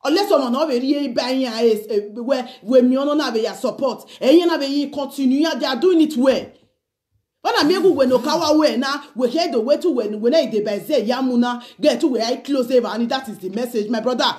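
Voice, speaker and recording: High-voiced Nigerian woman pleading. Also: fairly quick, a little mellow. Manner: pleading, switches between English and Pidgin, keeps asking "okay?". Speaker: vlogger sending a video message. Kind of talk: casual spoken appeal to the camera.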